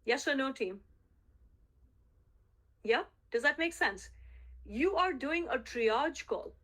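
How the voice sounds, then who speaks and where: A woman leads a sales team through a coaching call in a voice pitched a touch high. She speaks emphatically, hammers her key points home by repeating them, and keeps asking the team whether they are following. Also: animated, slow, long pauses, fairly bright tone. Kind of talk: coaching session on a group call.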